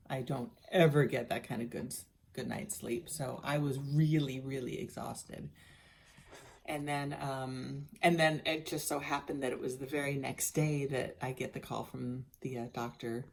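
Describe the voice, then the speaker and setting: A woman's voice: a bass voice, vocal fry, a little hiss or hum. A middle-aged woman giving a casual personal video update, chatty and candid with many restarts, sounding worn out. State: worn out and tired. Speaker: vlogger sharing a health journey.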